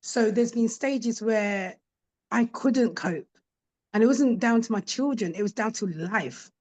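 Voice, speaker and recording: A lively middle-aged woman talking candidly as a podcast guest, her voice sitting fairly high. She tells her stories with energy and slips into the voices of the people in them. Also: measured pace. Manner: animated, acts out quoted voices of her children. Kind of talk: candid conversational storytelling.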